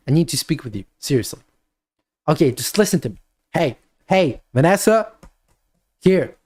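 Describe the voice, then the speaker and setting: A man's voice: a little high, darkish tone, dry recording. A man playing an earnest parent who sits his daughter down and insistently coaxes her to listen. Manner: coaxing, insistent, repeats himself.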